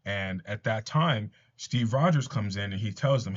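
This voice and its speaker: A man's voice: fairly low pitch, expressive, unhurried, muffled recording. A man casually retelling a comic book story, earnest, with his own asides. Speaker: comics commentator. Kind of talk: casual comic recap narration.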